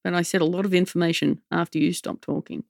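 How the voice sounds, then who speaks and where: Woman, podcast guest, gravelly voice, dry wit, close dry sound. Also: fairly low pitch, fairly even intonation, fast talker, no echo. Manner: dry, self-deprecating. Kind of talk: casual interview chat.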